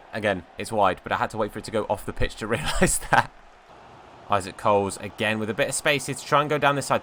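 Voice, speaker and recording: Bright-voiced gamer commentating. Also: male voice, medium pitch, slight background noise. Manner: chatty, playful, mock-outraged banter. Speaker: gaming YouTuber. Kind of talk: casual game commentary.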